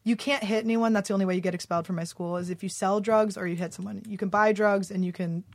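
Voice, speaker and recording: A woman's voice: medium pitch, fairly even intonation, fast, dry recording, clean studio sound. A young woman, a comedian guest in a casual podcast chat, telling a heated story with lots of swearing and "like". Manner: heated, profane storytelling full of "like".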